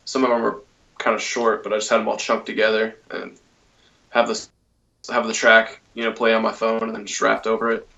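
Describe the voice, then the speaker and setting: A man's voice: on the low side, monotone, gravelly, bright, forceful tone, recorded from a distance, dull audio. A man co-hosting a casual talk show, reading a news story aloud with many fillers and restarts. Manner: loose, halting delivery with many fillers. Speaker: podcast co-host.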